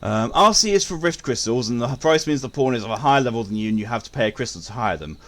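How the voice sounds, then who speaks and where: A man's voice: mid-range voice, animated, fast. A young man streaming a game, joking crudely and reading out chat. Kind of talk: casual live-stream chat.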